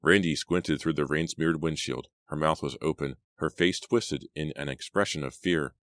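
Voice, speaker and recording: A man narrating a teen horror novel in a steady, measured storytelling voice. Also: a bass voice, no room sound, studio quality. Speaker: audiobook narrator.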